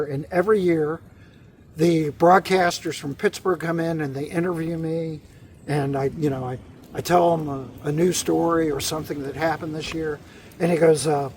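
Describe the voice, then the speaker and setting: A middle-aged man telling camping stories in a casual, animated way, laughing often and restarting sentences. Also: fairly high pitch, moderate pace, a little hiss or hum. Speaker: podcast guest, bicycle tourer. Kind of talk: casual storytelling.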